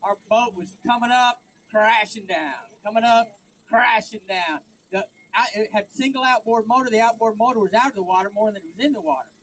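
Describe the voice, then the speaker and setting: A man with a Texan drawl, spinning a homespun yarn from a rally stage. His voice sits high for a man, with a faint hum of background noise. He tells it folksy and joking, like an old storyteller. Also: a little fast, fairly bright tone, rough recording. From Texas. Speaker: rally speaker.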